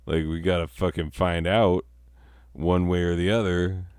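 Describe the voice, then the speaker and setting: A man's voice: deep voice, little pitch movement, unhurried, a little mellow, clean tone, no echo, clean studio sound. A man voicing blunt, doubtful villagers. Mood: incredulous. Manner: incredulous, blunt. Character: skeptical small-town villagers, grown men.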